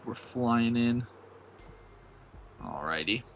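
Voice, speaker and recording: A man's voice: medium pitch, animated, drawn-out words, vocal fry, fairly bright tone, slight background noise. A young man streaming live gameplay, chatting playfully with his viewers and mocking his own blunders. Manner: playful, self-mocking, talks to chat.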